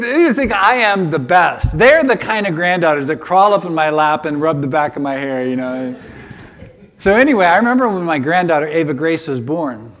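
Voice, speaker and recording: An older man preaching a sermon, emotional and animated, often repeating himself as he builds his points. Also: sits high. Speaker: pastor.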